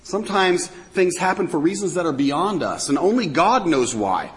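Man pastor, sermon, animated, higher voice, long reverb. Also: normal speed. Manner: conversational, sarcastic asides.

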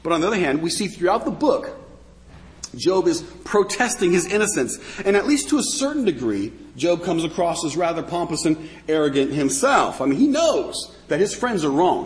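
A man's voice: high-pitched, big-room sound. A man giving a conversational sermon as a pastor, with sarcastic asides.

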